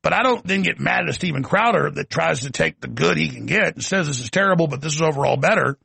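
A man's voice: a little high, lively intonation, quick pace, creaky, bright, forceful tone, husky, dry recording. A man hosting a political talk show, delivering an emphatic, ranting monologue with sardonic asides.

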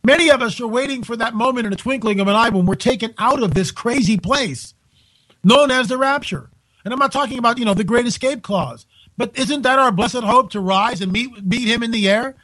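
A man hosting a live talk radio show from home, incredulous and animated, restarting his sentences often. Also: very high-pitched, fairly quick, low-quality recording.

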